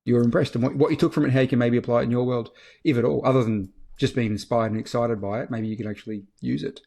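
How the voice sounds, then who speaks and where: A man's voice: medium pitch, fairly even intonation, fast talker, creaky, mellow. A man co-hosting a podcast, asking probing questions with hesitant fillers. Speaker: podcast co-host. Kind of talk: casual podcast discussion.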